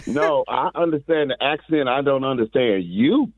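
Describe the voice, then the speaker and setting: A man's voice: medium pitch, lively intonation, no room sound. Man, phone caller, rambling, preachy, dry, phone-line sound. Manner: rambling, preachy, drawn-out hums. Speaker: caller, comedian filling in. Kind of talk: comic phone bit.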